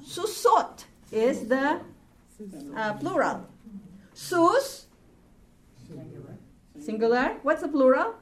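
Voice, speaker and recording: Slow, patient woman teaching a class. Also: high voice, sing-song. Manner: patient, repeats words for students, slow and deliberate. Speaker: Hebrew teacher.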